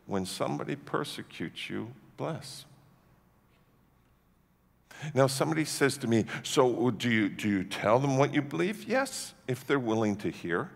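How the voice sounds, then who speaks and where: A man from Canada preaching a sermon as pastor, emphatic and swinging from hushed tones to shouting. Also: mid-range voice, expressive, normal speed, creaky. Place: church sanctuary. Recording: long church-hall reverb.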